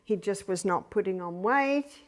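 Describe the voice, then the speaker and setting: A woman's voice: medium pitch, lively intonation, a little slow. Older Australian woman giving practical talk. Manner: anecdotal, chuckling, acts out quiet commands to babies. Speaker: speaker on child rearing. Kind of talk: lecture to an audience.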